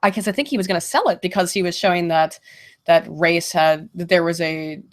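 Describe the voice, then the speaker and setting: A woman casually chatting on a livestream Q&A, getting over a cold and clearing her throat, laughing often and swearing freely. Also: lowish voice, brisk. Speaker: streamer answering viewer questions.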